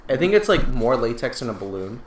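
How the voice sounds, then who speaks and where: A man's voice: medium pitch, sing-song, brisk, a crowd in the background. A young man co-hosting a casual podcast chat, laughing often as he talks. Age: young adult. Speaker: podcast co-host. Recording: roomy distant mic with faint ambience.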